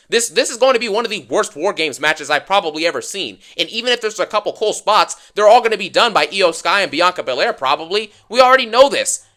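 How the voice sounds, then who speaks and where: A man's voice: sits high, sharp tone. A young man ranting sarcastically to his viewers, exasperated and mocking the people he recaps in funny voices. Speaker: wrestling commentator ranting to viewers.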